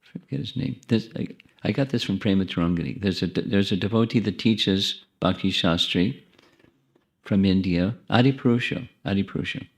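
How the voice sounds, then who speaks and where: A man's voice: sits low, moderate pace, vocal fry. A man giving an informal spiritual lecture to an audience in a temple hall, talking conversationally with asides to listeners and restarting his phrases as he thinks. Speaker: monk giving a spiritual talk.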